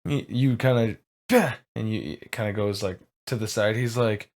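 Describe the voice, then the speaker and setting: A man's voice: lowish voice, moderate pace, few pauses, a little mellow. A man running a tabletop game as game master, narrating casually with lots of fillers and rambling asides.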